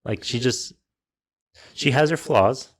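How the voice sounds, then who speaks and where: A man's voice: medium pitch, takes it slowly. A man co-hosting a podcast, chatting casually about a film and thinking aloud in long, restarting sentences. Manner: talks in long, restarting trains of thought. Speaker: podcast co-host. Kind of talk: casual film review chat.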